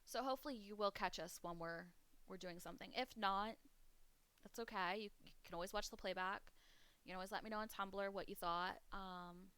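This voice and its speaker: A woman's voice: medium pitch, fairly quick, a bit bright, smooth, no room sound. A young woman streaming from her home computer, rambling casually to her chat and swearing now and then. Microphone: desk mic at a home computer setup.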